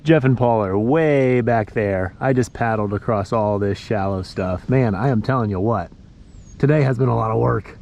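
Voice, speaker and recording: Excitable young man fishing outdoors. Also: fairly low pitch, normal speed, slight background noise. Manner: excitable, talks to the fish, lively exclamations. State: tired from paddling. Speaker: fishing vlogger. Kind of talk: casual narration while fishing. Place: outdoors on a river, in a kayak and wading.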